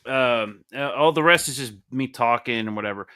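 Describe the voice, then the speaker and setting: Young guy ranting about comics, swears a lot, bright crisp voice, a bit high. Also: normal speed. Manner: animated, profane, joking. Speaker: comic book review host. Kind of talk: casual podcast chat.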